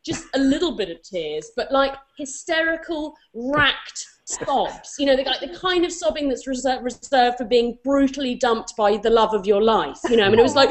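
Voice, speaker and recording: Talk show guest, woman in her forties, high-ish voice, rambling and self-deprecating. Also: a little hiss or hum. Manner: rambling, self-deprecating, many restarts and fillers. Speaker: guest telling a story. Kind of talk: animated anecdote on a talk show.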